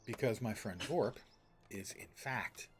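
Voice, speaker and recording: A man's voice: on the low side, slow pace. A man streaming a game, joking and chatting casually as he plays and reads game text aloud. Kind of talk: casual gameplay commentary.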